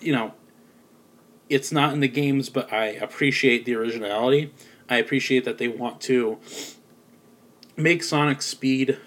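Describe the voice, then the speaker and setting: A man giving a casual spoken film review, rambling with lots of filler words and sounding a little sleepy. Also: medium pitch. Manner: rambling, many ums and likes. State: sleepy, yawning.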